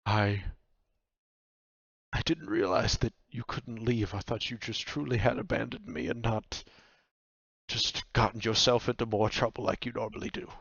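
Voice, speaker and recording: A man voicing a weary witch who talks softly and haltingly, on a dull, dry, lo-fi recording. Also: lowish voice, fairly even intonation, creaky, slightly rough, no echo, heavily acted. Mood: gentle. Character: weary witch, gently reproachful.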